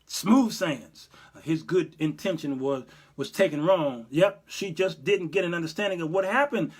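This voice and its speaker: A man hosting his own livestream commentary, lively and sermon-like in his delivery. His voice sits fairly high for a man. His talk is folksy and direct. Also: normal speed, hardly any pauses, husky. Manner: animated, preachy, folksy. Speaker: host and Bible teacher.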